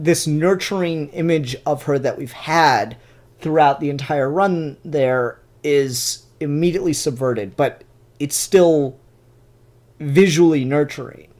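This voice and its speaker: A man casually reviewing a comic book, rambling with enthusiasm and an occasional swear, recorded on his camera mic. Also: mid-range voice. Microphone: camera mic, showing pages to camera.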